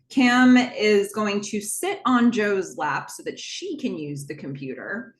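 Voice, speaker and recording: A woman's voice: on the low side, lively intonation, normal speed, reverberant. A woman hosting a podcast, recapping a TV episode in a casual, chatty way with lots of fillers and asides. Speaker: podcast host.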